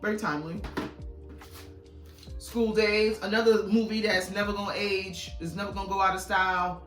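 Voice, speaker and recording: A woman's voice: medium pitch, steady tone, fast talker, fairly bright tone, far from the mic. A chatty, casual woman vlogging about her movie collection, swearing freely and rambling. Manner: chatty, swears casually, self-described yapper. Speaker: YouTuber reviewing her DVD haul. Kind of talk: casual vlog chat. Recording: echoey room, a bit off-mic, faint music.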